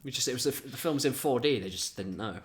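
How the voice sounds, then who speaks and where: A man's voice: medium pitch, animated, quick pace. A man co-hosting a casual podcast, rambling with restarts and prodding the others for stories. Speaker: podcast co-host. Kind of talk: casual chat.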